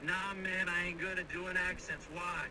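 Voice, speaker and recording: A man's voice: high voice, little pitch movement, moderate pace, bright, forceful tone. An AI voice clone of a cocky young male boxer, boasting in casual slang, played from a phone speaker. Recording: distant, noisy phone playback.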